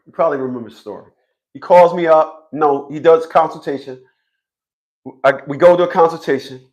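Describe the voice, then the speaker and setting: A man telling a court story in an animated monologue, mocking, with loud outbursts and low asides, acting out other people's lines. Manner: acts out other people's voices in quotes. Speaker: family court advocate.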